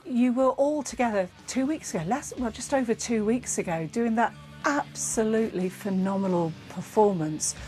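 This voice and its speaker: A woman's voice: a little high, normal speed, hardly any pauses, warm tone, soft background music. A woman news presenter asking direct questions in a live interview.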